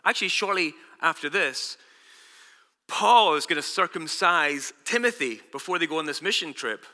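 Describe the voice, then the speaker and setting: Male pastor, fairly high and forceful voice, emphatic conversational preaching, long church-hall reverb. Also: expressive, normal speed. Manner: conversational and emphatic, swinging between loud declarations and hushed asides. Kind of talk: sermon.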